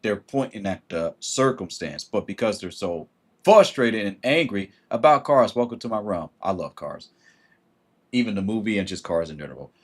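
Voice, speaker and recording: A man with a fairly low voice, chatting casually to his livestream audience. He talks in an animated way, slipping into other voices to act out what people think and greeting viewers mid-sentence. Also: moderate pace, husky. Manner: animated, acts out quoted thoughts in shifting voices. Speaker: livestream host.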